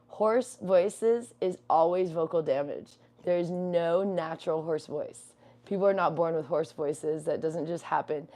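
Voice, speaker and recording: A woman's voice: lowish voice, mellow. A young adult woman co-hosting a livestream from home, chatting in a rambling way with many fillers. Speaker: livestream co-host. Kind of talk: casual chat.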